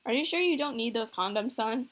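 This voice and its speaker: Brief: woman doing a goofy joking dad, fairly high voice, light teasing delivery. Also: animated, brisk. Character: teasing middle-aged single father, goofy.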